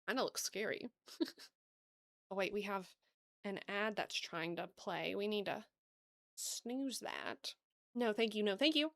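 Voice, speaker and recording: A woman with a Southern US accent hosting a casual card-opening video, bubbly and gushing, thinking aloud and laughing softly as she talks to viewers. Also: medium pitch, a little slow, gravelly, pauses often. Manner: bubbly, gasping and gushing over cute cards. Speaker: card-opening channel host.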